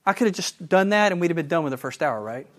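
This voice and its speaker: A man teaching a Bible lesson, enthusiastic and animated, asking his listeners questions. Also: fairly high pitch, quick pace. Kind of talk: sermon.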